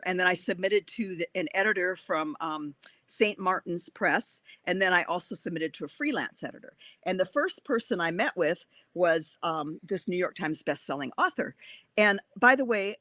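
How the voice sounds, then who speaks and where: A woman author, a guest on an interview, telling a lively anecdote with lots of animated back-and-forth. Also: fairly low pitch, dry recording. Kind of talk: casual storytelling interview.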